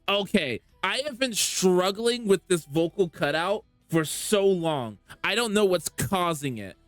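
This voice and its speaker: Brief: lively, giggly streamer with a bouncy, wide-ranging voice; talks slowly into a dry, close mic. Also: medium pitch, no room sound, soft background music. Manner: giggly and animated, laughs often. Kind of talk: casual live game stream chat. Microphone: streaming microphone.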